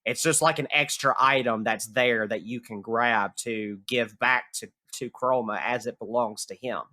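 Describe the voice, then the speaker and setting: A man's voice: medium pitch, fairly even intonation, normal speed, bright, forceful tone, no room sound. A man narrating a tabletop game as game master, casual and loose, with lots of "like" fillers.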